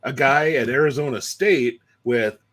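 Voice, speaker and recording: A man's voice: mid-range voice, unhurried, a bit bright. Man, podcast co-host, talkative analysis, hedging, mid-range voice. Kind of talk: casual sports analysis.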